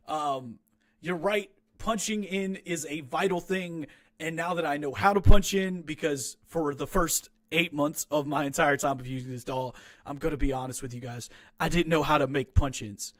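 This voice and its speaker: Young man, slightly high voice, casual rambling self-critique, frank, small home studio. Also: moderate pace. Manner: rambling, restarts a lot, frank and self-deprecating. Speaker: home-studio rapper reviewing his own track. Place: small home recording room.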